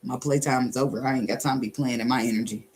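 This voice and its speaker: A woman's voice: extremely low pitch, steady tone, slightly rough. A woman giving a casual tarot reading in a blunt, sassy, profane way, laughing often and drawing out phrases for emphasis. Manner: drawls some phrases slowly for emphasis. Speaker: tarot reader.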